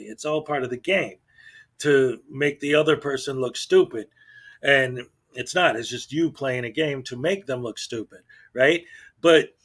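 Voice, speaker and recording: A man's voice: medium pitch, fairly bright tone, husky. A man hosting his channel, talking in casual commentary with an exasperated tone, often repeating words and restarting sentences. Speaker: channel host.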